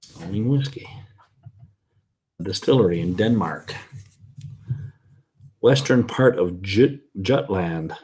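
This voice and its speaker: Unhurried man with a lowish voice, casual whisky vlogger who rambles and corrects himself. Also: animated, dark tone. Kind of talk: casual chat reading viewer comments.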